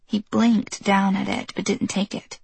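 Woman reading a story aloud, steady and measured, very dry close sound. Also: medium pitch, creaky, breathy edge, no room sound. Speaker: narrator. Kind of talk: audiobook narration.

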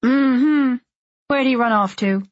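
A woman's voice: sits high, takes it slowly, no room sound, dull audio, voice pushed up. A woman voicing a pushy, nosy woman who demands answers in a food pantry line, in an audiobook reading. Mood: demanding.

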